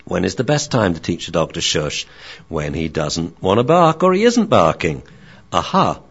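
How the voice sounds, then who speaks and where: A man teaching dog training in a lecture, animated and acting out barks and dialogue. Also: deep voice, normal speed, slightly rough. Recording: dull lo-fi recording.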